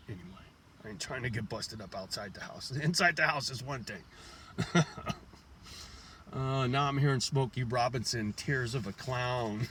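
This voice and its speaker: A man's voice: medium pitch, background noise. A man vlogging outside his house in a blunt, profane, rambling monologue full of street slang, chewing a toothpick as he talks. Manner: chewing a toothpick while talking. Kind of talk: casual rambling monologue to camera. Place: outside his house while it is being shown.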